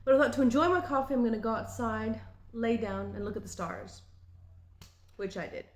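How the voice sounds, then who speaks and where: Aussie woman vlogging, kinda halting, thinking out loud, roomy echo on the mic. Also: fairly high pitch. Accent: Australian. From Australia. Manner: halting and reflective, with frequent restarts. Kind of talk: personal reflective monologue.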